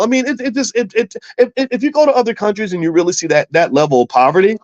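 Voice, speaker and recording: A man from Kentucky telling a travel story as a finance show host, animated and stumbling over restarts, acting out what people said. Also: sits high, quick pace, no room sound. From Louisville, Kentucky. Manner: animated, repeats words and restarts, acts out quotes. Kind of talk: casual storytelling with money advice. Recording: dull, slightly lo-fi dry sound.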